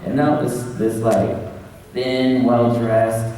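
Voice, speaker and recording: A man, a comics editor, moderating a convention panel in a relaxed, joking way and reading out audience questions. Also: medium pitch, takes it slowly. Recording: roomy hall, mic heard from a distance, faint background noise.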